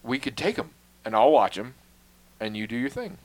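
A man's voice: mid-range voice, sing-song, moderate pace, a little mellow. A man in casual conversation, telling a long story in a wry, self-deprecating way, swearing freely and dropping to a mutter on asides.

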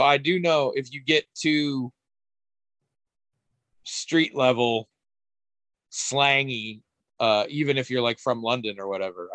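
Male co-host, mid pitch, dry close sound, rambling wry chat with restarts. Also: fairly bright tone, dry recording. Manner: rambling, self-interrupting, wry, swears casually. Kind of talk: casual chat.

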